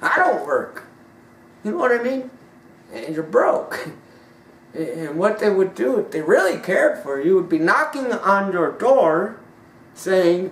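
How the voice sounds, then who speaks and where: A woman preaching a sermon emphatically, swinging from loud high peaks down to hushed drops. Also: very animated, slow, long pauses. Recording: roomy sound from a distant mic.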